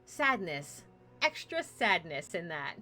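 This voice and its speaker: A woman's voice: fairly low pitch, sing-song, slow pace, pushed and bright, soft background music. A woman streaming a story game, chatting casually and narrating a fairy tale in a playful way, hopping into character voices.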